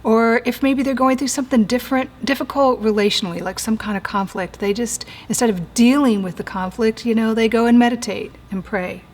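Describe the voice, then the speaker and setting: A woman in her forties or older, a therapist giving an earnest teaching talk, slowing down and dropping to a soft whisper for emphasis. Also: fairly high pitch, steady tone. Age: 40s or older.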